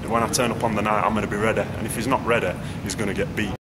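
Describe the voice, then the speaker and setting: A man's voice: lowish voice, little pitch movement, very fast. A young man answering interview questions in a frank, rambling way, full of fillers and restarts. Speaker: boxer being interviewed. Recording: loud background noise, passing vehicles.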